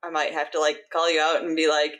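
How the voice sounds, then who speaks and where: A woman co-hosting a podcast, thinking aloud in casual chat with many pauses and fillers. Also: deep voice, monotone, fairly bright tone. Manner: thoughtful, rambling with fillers. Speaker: podcast co-host.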